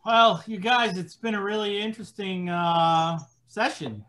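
A man's voice: high voice, unhurried, sharp tone, rough recording. A man hosting a casual podcast chat, rambling with many fillers and hesitations. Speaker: podcast host.

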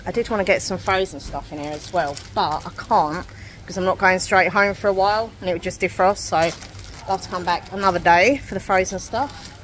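A woman's voice: fairly low pitch, brisk, slight background noise. Chatty British woman vlogging. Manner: chatty and rambling, many fillers. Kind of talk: casual vlog chat.

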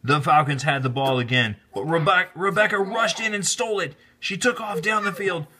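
A man teacher reading a children's picture book aloud, animated and rising to high excited shouts at the exciting parts. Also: moderate pace. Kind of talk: children's storybook read-aloud.

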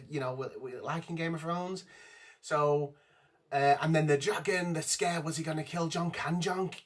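A man giving an exasperated, profane rant reviewing a TV episode from his notes. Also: fairly high pitch. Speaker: vlogger. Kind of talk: ranting TV review.

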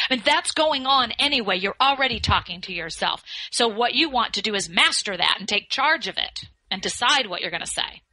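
A woman with a bright, forward voice recorded close and dry gives expert advice in an interview. She coaches in a measured way, stretching out the phrases she wants to land. The recording has no room sound around her. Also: fairly high pitch, expressive, no echo, rough recording. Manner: coaching, slows down to stress key phrases. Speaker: communication skills expert guest. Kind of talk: podcast interview.

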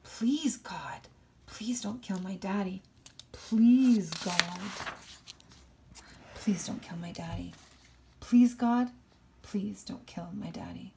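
A frantic teenage boy from a novel, whispering desperate pleas one moment and shouting the next, as a woman voices him in a read-aloud. His voice rises well above her usual pitch when he shouts. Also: a little slow, hardly any pauses, slight background noise. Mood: whispered pleading. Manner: pleading in whispers, then shouting with relief. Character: frightened, grief-struck teenage boy.

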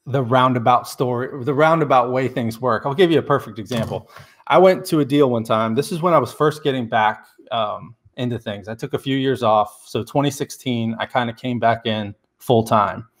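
A man speaks in an ordinary middle-range voice, neither high nor low. He is a guest on an interview show, sharing earnest advice and telling stories from his business in a relaxed, conversational way. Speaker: real estate investor guest. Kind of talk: casual interview storytelling.

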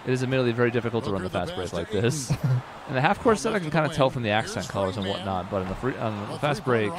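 A man chatting casually while playing a basketball video game with friends, quick and chatty, explaining the play as he goes. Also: mid-range voice, sing-song, a crowd in the background. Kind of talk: casual gaming banter.

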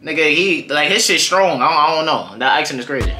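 A man's voice: on the high side, animated, a little fast, sharp tone. A man hosting a music reaction video, talking to viewers in loose, slangy casual chat. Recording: echoey room with faint music behind.

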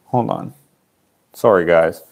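A low, creaky voice with wildly swooping pitch comes from a Canadian man in his late twenties, speaking slowly as he hosts a livestream auction on a worn mic. His story rambles, and he keeps cutting himself off to wander onto tangents.

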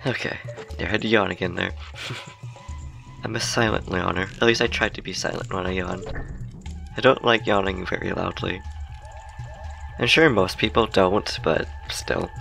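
A man's voice: deep voice, moderate pace, vocal fry, pauses often, pushed and bright. A young man giving casual, rambling let's-play commentary, laughing often as he plays. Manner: chatty, giggly, rambling. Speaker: gaming YouTuber. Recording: game music playing under the voice.

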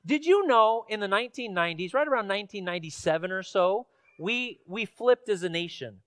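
Brief: high-voiced male pastor, chatty storytelling sermon, dry close sound. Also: expressive, brisk, hardly any pauses, fairly bright tone, dry recording. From Washington State, USA. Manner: conversational storytelling with fillers, rising to emphatic questions. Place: church sanctuary.

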